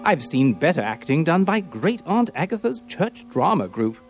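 An actor playing a brisk, eager Victorian gentleman detective, bantering in an upper-class way in an audiobook drama. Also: fairly high pitch, sing-song, faint music behind.

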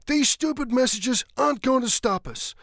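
A man voicing a bold, excitable teenage boy in a storybook reading, in a raised voice. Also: very high voice, moderate pace, creaky, no echo, clean studio sound, voice pushed up, full character voice. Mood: excited.

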